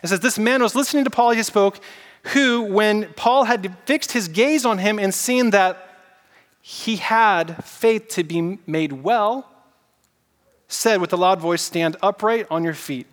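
A man preaching a casual, animated sermon and getting the congregation to repeat words back to him. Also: high voice, unhurried, big-room sound. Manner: casual, animated preaching with audience call-and-response. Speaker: pastor.

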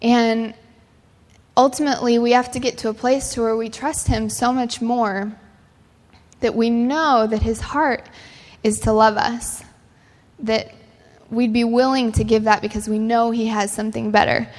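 A woman's voice: a little high, fairly even intonation, unhurried, darkish tone. A young adult woman giving a sermon-style talk, telling stories earnestly with casual fillers. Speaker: speaker. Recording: long hall reverb.

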